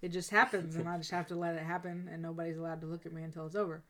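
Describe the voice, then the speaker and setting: A young woman talking candidly in a casual family chat, laughing easily and thinking out loud about her feelings. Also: on the low side, flat delivery, racing. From raised as a pastor's kid. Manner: candid, laughs often, reflective. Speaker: podcast co-host, family member.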